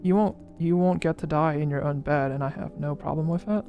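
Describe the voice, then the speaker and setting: Over soft background music, a streamer with a mid-range voice and vocal fry reads a story game's dialogue a little fast, with the highs cut off in the recording. Each character is voiced with its own emphasis.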